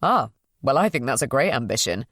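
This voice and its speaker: A woman voicing Luke, a friendly, easygoing young doctor who is curious and polite and talks gently. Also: medium pitch, very animated, brisk, no room sound, clean studio sound, pitched below the performer's own voice. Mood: gentle.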